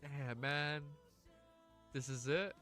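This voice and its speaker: A man streaming casually, chatting excitedly with his audience, swearing and gushing, at times near tears. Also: a little high, slow, soft background music. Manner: excitable, swears often, gushes and laughs. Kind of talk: casual livestream chat.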